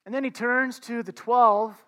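A man's voice: very high-pitched, fairly even intonation, moderate pace, bright, forceful tone, clear, resonant tone. A man preaching a conversational sermon, talking informally to his listeners as friends and often restarting his words.

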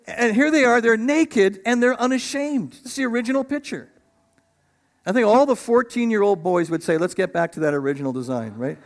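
A middle-aged man preaching a sermon as pastor, animated and acting out voices of biblical figures. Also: sits high.

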